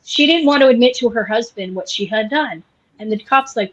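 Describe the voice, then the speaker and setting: A woman's voice: fairly high pitch, a little fast. A woman chatting on a podcast, telling a long story and quoting everyone in it. The recording sounds slightly dull and lo-fi. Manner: animated retelling with quoted voices. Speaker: podcast co-host. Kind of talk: casual storytelling chat.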